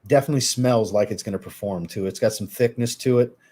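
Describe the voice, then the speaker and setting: Casual male live-streamer, low-ish voice, easygoing and chatty, reacts to chat. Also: quick pace, mellow. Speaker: fragrance reviewer hosting a live stream.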